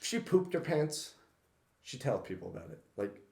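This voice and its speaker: A man's voice: mid-range voice, sing-song, normal speed, gravelly, darkish tone. A young man co-hosting a casual podcast, telling funny stories and laughing often as he goes. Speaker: podcast co-host. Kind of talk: casual storytelling chat. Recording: roomy, echoey room.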